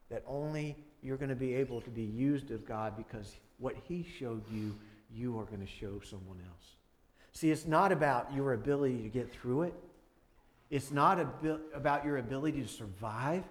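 A man preaching a sermon, voice climbing loud when he acts out prayers and dialogue, then dropping soft and low for grief. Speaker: pastor.

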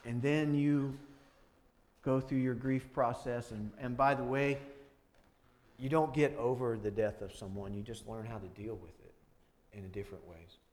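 A man preaching a sermon, voice climbing loud when he acts out prayers and dialogue, then dropping soft and low for grief. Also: steady tone, moderate pace. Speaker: pastor.

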